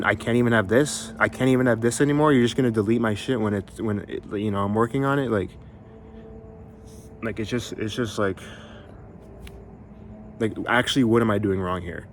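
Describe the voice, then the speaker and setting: There's a little hiss or hum behind this medium-pitched male voice. It belongs to a young musician vlogger who is venting to camera, rambling in exasperation and peppering his talk with fillers and swear words for his viewers.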